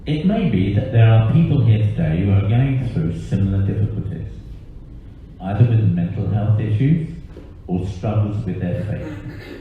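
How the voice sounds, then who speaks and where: A man interviewing a couple in a church service, asking measured, gentle questions. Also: fairly low pitch, expressive, far from the mic, a little hiss or hum. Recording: echoey hall, thin phone-like sound, faint ambience.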